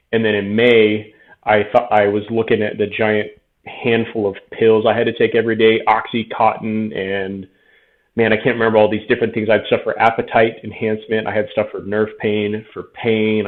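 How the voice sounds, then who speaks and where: Low flat-voiced guy in his 30s, frank storytelling, sounds like a tinny phone line. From Tucson, Arizona. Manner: frank and conversational, quotes himself often. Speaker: podcast guest, veteran. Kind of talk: casual interview storytelling.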